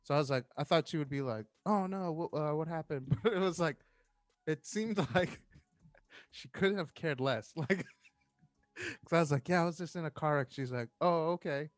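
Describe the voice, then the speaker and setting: A man's voice: a little high, normal speed, dry recording. Man telling a story in a dry room. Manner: animated storyteller acting out quoted voices. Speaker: guest, firefighter. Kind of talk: casual storytelling chat.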